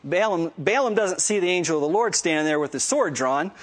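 A man with a fairly high voice leads a relaxed Bible lesson, chatting his way through the story with plenty of ums and uhs. He tells it with easygoing energy and keeps it informal. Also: a little fast. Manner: conversational, lots of fillers, animated storytelling. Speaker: Bible study teacher.

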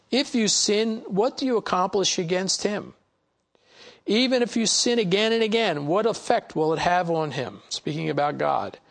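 Man, Bible teacher, high voice, reads passages then explains them casually, lots of "you know". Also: creaky. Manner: conversational, many "you know" asides. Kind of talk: reading scripture aloud and commenting.

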